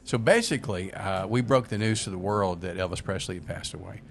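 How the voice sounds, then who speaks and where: An older man, a veteran radio host, telling a long story in relaxed talk with many fillers. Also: low-pitched, fairly quick, vocal fry. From Memphis, USA.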